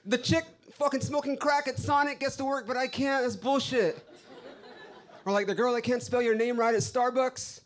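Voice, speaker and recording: A man's voice: extremely high pitch, steady tone, normal speed. A man doing a brash, profane stand-up set on a club stage, ranting to the crowd. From Los Angeles. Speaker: stand-up comedian.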